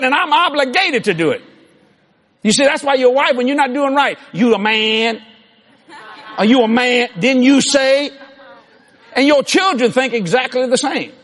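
Male preacher: very high, husky voice, lively delivery, sermon. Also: a little fast. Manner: animated, shouting asides, laughing.

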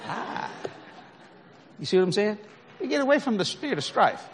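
A man's voice: high voice, big pitch swings, moderate pace, slight background noise. A man preaching a sermon through folksy stories, chuckling often and checking that his listeners follow. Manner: folksy, conversational, asks the audience if they follow. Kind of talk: storytelling sermon.

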